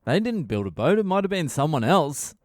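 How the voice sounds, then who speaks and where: Brief: man putting on a blunt, bewildered elderly father, high and loud, dismissive. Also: very animated, fairly quick, no room sound, clean studio sound. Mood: incredulous. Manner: dismissive, incredulous. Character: very old man, blunt, baffled by questions.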